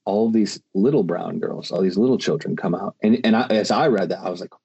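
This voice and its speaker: A man's voice: low voice, brisk, gravelly, dark tone, breathy edge, muffled recording. A man hosting a podcast, chatting casually and rambling with many restarts and fillers. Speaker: podcast host. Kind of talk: casual conversation.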